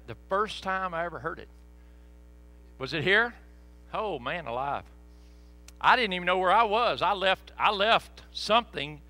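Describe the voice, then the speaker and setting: A middle-aged man preaches to his congregation with folksy stories and laughing asides. His voice sits high and swings widely, with a bright, forceful edge. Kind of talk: storytelling sermon. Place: church sanctuary.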